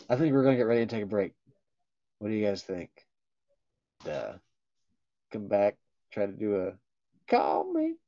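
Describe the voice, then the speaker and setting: A man's voice: lowish voice, wildly swooping pitch, normal speed, pauses often, mellow, no room sound. A man hosting a playful livestream in a costume persona, joking around and reading viewer comments aloud. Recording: dull lo-fi livestream audio.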